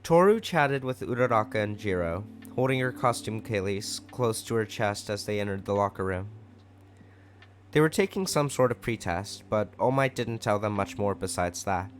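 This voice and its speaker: A man's voice: on the low side, lively intonation, moderate pace, slight background noise. A man narrating a fanfic story aloud in a casual way with wry asides.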